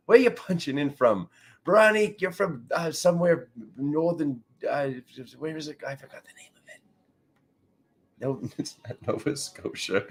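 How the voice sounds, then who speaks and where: A man's voice: a little high, sing-song, a little slow, pauses often, soft background music. A man hosting a spiritual tarot live stream who has just woken up, chatting playfully and calling out viewers by name. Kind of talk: casual live-stream chat greeting viewers.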